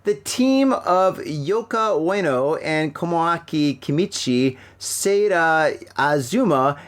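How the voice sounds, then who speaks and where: Jokey, rambling middle-aged American man. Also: a little high. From United States. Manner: rambling, jokey, reads news haltingly. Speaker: podcast host. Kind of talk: casual news chat. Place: home room with a fan running. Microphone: laptop mic.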